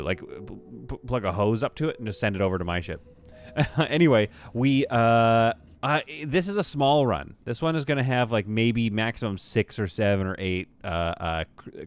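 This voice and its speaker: A man chatting casually on a live game stream, rambling and self-amused. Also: lowish voice. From Canada. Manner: rambling, self-amused, many fillers and restarts.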